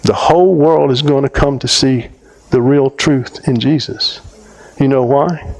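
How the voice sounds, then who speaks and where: A man from America preaching as an earnest storyteller, stretching key words and pausing for emphasis. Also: mid-range voice, a little mellow, low-quality recording. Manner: earnest, emphatic storyteller with slowed dramatic pauses. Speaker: speaker at a theology conference. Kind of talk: storytelling sermon.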